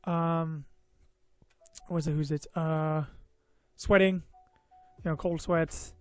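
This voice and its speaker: A man speaks slowly on his vlog, his voice on the high side with fairly even intonation. He's tired and a bit loopy, rambling through a personal story full of "you know," "uh," and self-deprecating asides while faint music plays.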